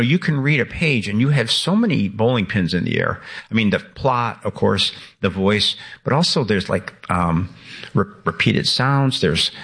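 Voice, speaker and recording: A man in his sixties, an author speaking as a radio guest, animated and laughing, with many restarts. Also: on the low side, slightly rough. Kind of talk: radio interview conversation.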